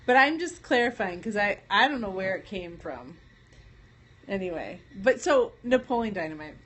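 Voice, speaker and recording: A woman's voice: mid-range voice, big pitch swings, moderate pace, a bit bright, a little hiss or hum. A woman with a Michigan accent, hosting a casual live stream and telling a rambling story with frequent laughs. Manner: rambling, chatty, laughs often.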